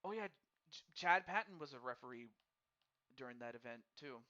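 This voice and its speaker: A man's voice: medium pitch, expressive, a little fast, bright, forceful tone. A man hosting a live wrestling game stream, chatting casually and friendly with viewers, often stammering and repeating words as he thinks aloud. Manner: friendly and addresses viewers directly. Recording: dull lo-fi recording.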